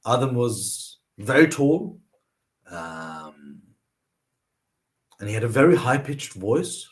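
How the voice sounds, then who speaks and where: Animated man telling personal stories. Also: takes it slowly, pauses often. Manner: animated, acts out quoted voices with pitch jumps. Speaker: vlogger sharing lessons from his mother. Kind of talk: personal storytelling monologue.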